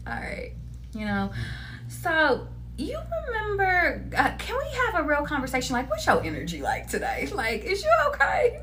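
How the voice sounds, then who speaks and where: A woman giving a casual tarot reading to her viewers, animated, laughing often and cursing freely. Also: sits high, normal speed. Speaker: tarot reader.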